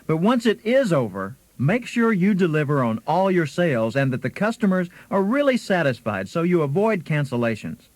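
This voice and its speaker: A man's voice: fairly high pitch, big pitch swings, normal speed, few pauses, no echo, rough recording. Upbeat male sales-tape co-host. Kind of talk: scripted sales advice.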